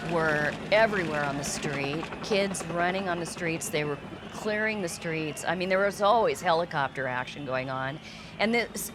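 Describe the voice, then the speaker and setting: A woman interviewed for a documentary, recalling events in a matter-of-fact, measured way. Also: deep voice, background noise. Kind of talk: interview recollection.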